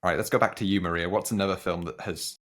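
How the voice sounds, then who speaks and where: Low-voiced young man hosting a chat. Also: fairly even intonation, fast, a bit bright. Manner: rambling, self-correcting storyteller. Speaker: film podcast host. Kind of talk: casual chat.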